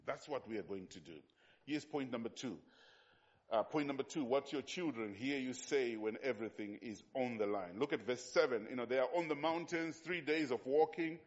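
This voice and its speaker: A man's voice: mid-range voice, animated, moderate pace. Emphatic male pastor preaching, lo-fi sound. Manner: emphatic, repetitive, with rhetorical questions to the congregation. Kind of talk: sermon.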